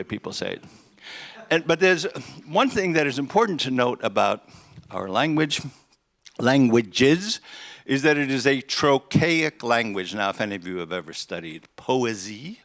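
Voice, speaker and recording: A man's voice: mid-range voice, fairly bright tone. An older man from Estonia giving a conference keynote into a handheld microphone. He talks in a conversational, wry way with frequent restarts. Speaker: keynote speaker. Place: conference hall.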